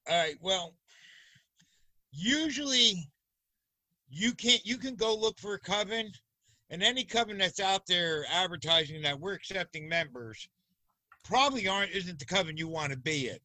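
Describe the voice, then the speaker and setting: A man with a high, very bright voice tells teasing stories, acting out other people's lines. His voice sounds close and dry, with no room around it. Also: lively intonation, normal speed, long pauses, no room sound. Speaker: guest, occult teacher and shop owner. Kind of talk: animated storytelling.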